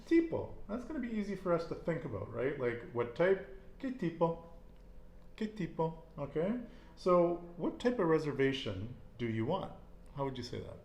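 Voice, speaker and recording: A man's voice: fairly high pitch, big pitch swings, normal speed, a little mellow, roomy sound. A man teaching a casual Spanish lesson, repeating each answer and praising it.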